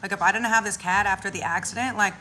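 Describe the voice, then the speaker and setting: A woman's voice: mid-range voice, fast. A woman chatting casually about spirituality, loose and slangy, swearing freely and acting out little voices as she tells stories. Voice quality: animated storytelling with voices. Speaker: spiritual content creator.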